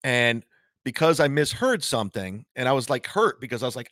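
A man's voice: medium pitch, sing-song, brisk, a bit bright, no room sound, clean studio sound. A man, a comedian, talking on a live stream in a rambling way, stumbling over his words and restarting sentences often. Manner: rambling, self-interrupting with many restarts. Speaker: comedian guest. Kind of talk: casual live-stream conversation.

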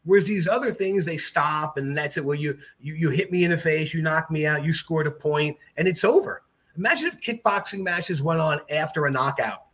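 Middle-aged man, high-pitched voice, animated storyteller, jokey. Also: brisk. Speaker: podcast guest, jiu-jitsu black belt. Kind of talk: casual storytelling.

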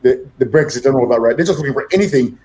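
A man's voice: mid-range voice, rapid-fire, dark tone. An older man with a British accent, a guest musician telling stories in a podcast interview, rambling and repeating words and acting out the dialogue. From Jamaica.

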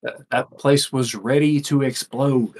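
Husky male co-host, rambling and profane, lots of filler. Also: mid-range voice, fairly even intonation, a little slow. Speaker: podcast co-host. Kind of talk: casual chat.

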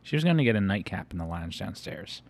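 A man reading a first-person story aloud at a brisk clip. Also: low voice, very animated, creaky. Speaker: audiobook reader.

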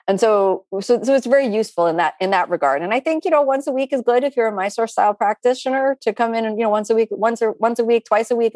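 A middle-aged woman yoga teacher answering student questions in a chatty, animated way, with playful asides during a live online class. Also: mid-range voice, no room sound, studio quality.

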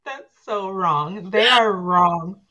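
A woman co-hosting a casual chat show, retelling scenes with lively laughter. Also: medium pitch, slow pace. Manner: lively storyteller, laughs a lot. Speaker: podcast co-host. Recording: dull lo-fi sound.

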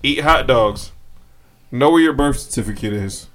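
A man's voice: medium pitch, lively intonation, normal speed, crowd noise. Laid-back, joking man. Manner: jokey, laid-back, trails off with sighs. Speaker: podcast co-host. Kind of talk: casual chat.

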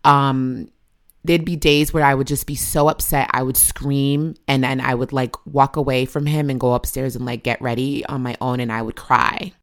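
Mother in her thirties, low-pitched, candid and emotional personal storyteller. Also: fairly even intonation, normal speed. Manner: emotional, confessional, acts out her own past yelling in a shrill voice.

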